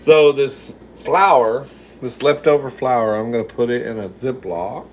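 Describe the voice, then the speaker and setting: Heard over a faint hiss or hum, a man with a mid-range voice keeps a measured pace as he cooks and hosts a casual livestream from his home kitchen. He fields comments with sass and plenty of swearing, calling each viewer "girl."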